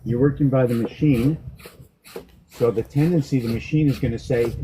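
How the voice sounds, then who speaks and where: A middle-aged man grooming a dog, talking to it in a soft, coaxing way and joking with himself as he works. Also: a little high, quick pace, background noise. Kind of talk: rambling talk to a dog while grooming.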